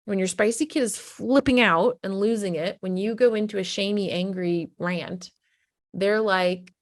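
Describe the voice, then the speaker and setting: A woman's voice: medium pitch, normal speed, no room sound, clean studio sound. A middle-aged woman, a parenting coach, explaining earnestly in a conversational way. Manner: earnest, conversational, often acts out quoted voices. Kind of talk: explanatory talk to camera.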